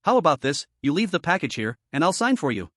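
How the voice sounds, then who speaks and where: A man reading the lines of a gentle, friendly middle-aged security guard. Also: fairly high pitch, sing-song, quick pace, dry recording, clean studio sound.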